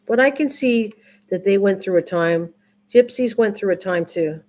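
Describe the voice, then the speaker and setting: A woman's voice: mid-range voice, moderate pace, darkish tone. An older woman hosting a crafting live stream, chatting casually with viewers in a rambling, repetitive way. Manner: rambling, repeats herself, restarts often. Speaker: livestream crafting host.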